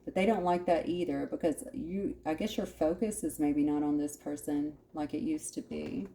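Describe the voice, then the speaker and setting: Tarot reader, woman, low mellow voice, chatty asides, light hiss behind. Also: steady tone, normal speed. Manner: conversational, musing aloud, frequent asides. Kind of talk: channeled tarot reading.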